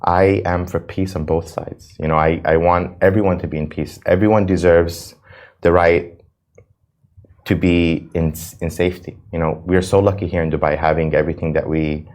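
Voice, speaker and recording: A man's voice: deep voice, steady tone, moderate pace, a little mellow. A man from the United States, an interview guest, speaking earnestly and passionately, often restarting his sentences. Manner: earnest and impassioned, with frequent restarts. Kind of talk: emotional interview talk.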